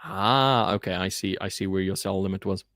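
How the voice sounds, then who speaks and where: A man's voice: deep voice, moderate pace, fairly bright tone. A young British man chatting casually as a livestream co-host, teasing with dry remarks. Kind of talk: casual chat.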